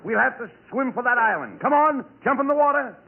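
A man playing the brisk, exasperated straight man in 1940s radio comedy. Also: extremely high pitch, expressive, gravelly, narrow, tinny audio. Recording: scratchy 1940s radio broadcast.

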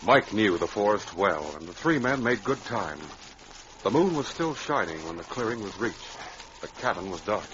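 A man narrating a radio adventure drama in a measured, dramatic style. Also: on the low side, big pitch swings. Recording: dull old radio recording with loud hiss.

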